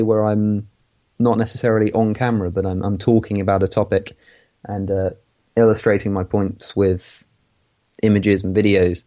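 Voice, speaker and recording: English guy being interviewed, lowish warm voice, lots of ums, kinda dull lo-fi sound. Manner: thoughtful, pausing often with ums. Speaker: guest. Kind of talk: casual interview talk.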